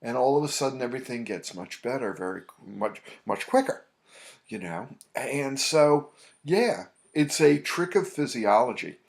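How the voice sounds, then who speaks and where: A man with a gravelly, creaky voice talks straight to the viewer about handling anxiety. He speaks at a middle pitch and wanders through his points with fillers and restarts, like a coach chatting casually. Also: lively intonation, normal speed. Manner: loose, rambling with many fillers and restarts. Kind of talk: casual advice monologue. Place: New York City.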